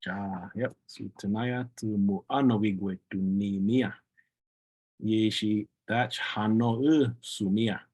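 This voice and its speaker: Brief: male teacher, husky voice, patient and repetitive, teaching over a video call. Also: on the low side, steady tone, a little mellow. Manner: patient, repeats words slowly for practice. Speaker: language teacher. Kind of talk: online language class.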